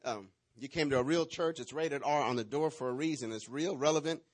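A man's voice: on the high side, a little fast. A man preaching a sermon, telling a playful, dramatic story and acting out the parts. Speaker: pastor.

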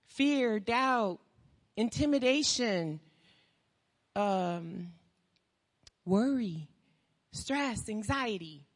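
An impassioned woman preaching with a high, bright, sharp voice, pausing between unhurried phrases. She piles up rhetorical questions and swings from near-whispers to shouts. Her voice rings out with the long reverb of a large hall. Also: animated. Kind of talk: sermon.

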